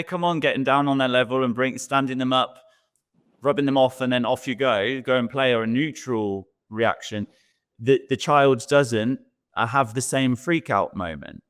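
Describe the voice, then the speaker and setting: A man's voice: mid-range voice, a bit bright. A man co-hosting a talk show, giving earnest coaching advice and acting out quoted thoughts. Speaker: co-host, sex expert.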